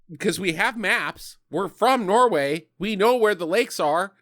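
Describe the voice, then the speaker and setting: High, lively man riffing on a movie. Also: measured pace. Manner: animated, profane, acts out scenes in silly voices, laughs often. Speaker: podcast co-host reviewing a movie. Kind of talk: casual comedic movie riffing.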